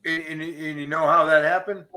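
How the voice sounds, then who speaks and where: Bright-voiced man telling bar jokes. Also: normal speed. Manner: animated joke-teller, changes pitch for each character. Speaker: podcast host. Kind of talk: casual chat, telling jokes.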